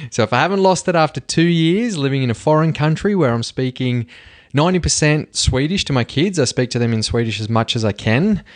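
A man's voice: a little high, expressive, moderate pace. A man with an Australian accent hosting his podcast, talking casually with slang and frequent laughs. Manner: laid-back, laughs often, uses slang. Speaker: podcast host. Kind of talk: casual podcast intro monologue.

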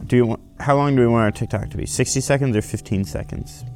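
A man's voice: mid-range voice, steady tone, fast talker, gravelly, a little mellow, soft background music. A young man co-hosting a podcast, teasing his partner in casual banter and laughing often. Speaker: podcast co-host.

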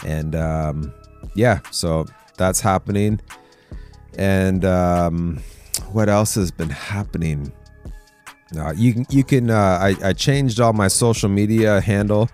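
Male podcast host, very low voice, husky morning tone, relaxed rambling chat, faint music under. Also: slow pace. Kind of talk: casual chat.

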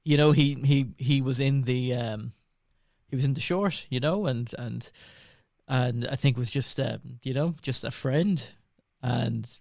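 A man's voice: mid-range voice, a little slow, creaky, darkish tone, dry recording, studio quality. A man in a casual film discussion, rambling with many restarts and a playful tone.

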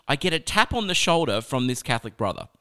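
A young man telling a personal story with a lesson, chatty and animated, often laughing as he talks. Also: medium pitch, fast, clean tone. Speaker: speaker sharing a life lesson.

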